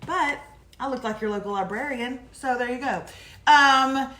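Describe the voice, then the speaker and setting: A woman's voice: high-pitched, normal speed, fairly bright tone. A woman co-hosting a casual morning show, joking and telling stories in a chatty, teasing way. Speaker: co-host of a morning livestream. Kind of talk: casual chat. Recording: roomy echo with faint noise.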